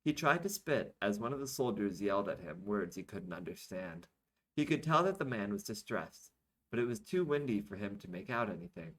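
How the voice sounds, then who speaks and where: A man's voice: fairly low pitch, moderate pace, fairly bright tone, low-quality recording. Tired man reading his own novel aloud. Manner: reads with asides and small self-corrections. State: tired from being up all night. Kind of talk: audiobook-style reading of a serialized novel.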